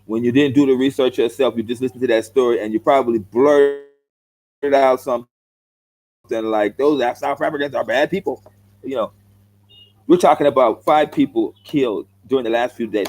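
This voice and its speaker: A man's voice: medium pitch, a little mellow, low-quality recording. A middle-aged man with a Los Angeles accent, a vlogger giving a heated, blunt answer to viewer comments straight into the camera. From South Central Los Angeles, United States. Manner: blunt, confrontational, repeats himself, calls viewers bro. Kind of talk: heated direct-to-camera rant.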